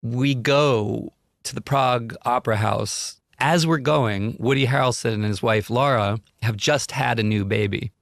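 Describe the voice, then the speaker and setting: A male talk show guest tells a vivid podcast anecdote, animatedly acting out the people in it. He speaks unhurriedly in a mid-range voice with vocal fry, recorded in studio quality with no echo.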